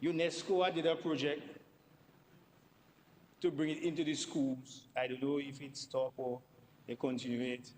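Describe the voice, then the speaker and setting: A man's voice: mid-range voice, level tone, unhurried, long pauses, darkish tone, long reverb tail, a little hiss or hum, low-quality recording. A man giving a parliamentary debate speech, emphatic and repeating words for stress. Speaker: member of parliament. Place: parliament chamber.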